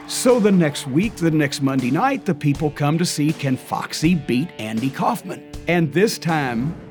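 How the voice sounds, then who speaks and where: Animated older man telling a story. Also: fairly high pitch. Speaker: wrestling historian. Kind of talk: storytelling interview.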